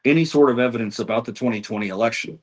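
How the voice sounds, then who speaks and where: A man's voice: medium pitch, racing. A man being interviewed as an election data analyst, reeling off figures with frequent restarts. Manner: rattles off statistics, frequent restarts. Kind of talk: interview answers.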